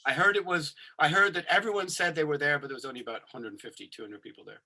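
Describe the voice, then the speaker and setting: A man's voice: fairly high pitch, fast, pushed and bright. An Irish man chatting casually as a podcast host, telling rambling anecdotes and swearing freely. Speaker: podcast host, metal musician. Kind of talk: casual chat.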